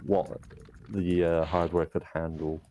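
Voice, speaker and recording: Low mellow-voiced man explaining his run. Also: flat delivery, unhurried, faint music behind. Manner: matter-of-fact, explanatory. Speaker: speedrunner.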